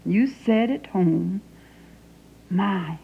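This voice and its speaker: An impassioned Southern daughter, played by a woman, pleads with her father in a slow, deliberate monologue, often dropping to a hushed whisper. Her voice sits at an ordinary middle pitch. It comes through a slightly muffled old broadcast recording with a faint hum underneath. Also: expressive, creaky, full character voice. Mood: grieving. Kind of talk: dramatic monologue reading.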